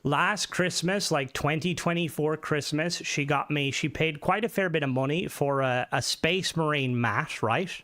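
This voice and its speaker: A man's voice: fairly high pitch, measured pace, hardly any pauses, sharp tone. A young man hosting a casual live stream, rambling through stories and swearing often into a desk mic. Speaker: livestream host.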